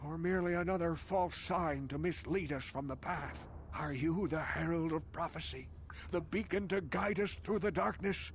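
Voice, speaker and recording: A man's voice: on the high side, moderate pace, slight background noise, natural voice. An actor playing a hundred-year-old male outcast elder in a video game, speaking in a solemn, theatrical, questioning way. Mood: pleading. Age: older. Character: ancient wise male outcast elder, grandly pleading.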